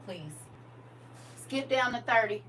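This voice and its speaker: A woman's voice: a little high, expressive, takes it slowly, a bit bright. A middle-aged woman hosting a live stream, telling blunt stories in casual talk. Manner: blunt, storytelling, scolding. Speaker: TikTok live host. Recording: distant from mic with faint noise.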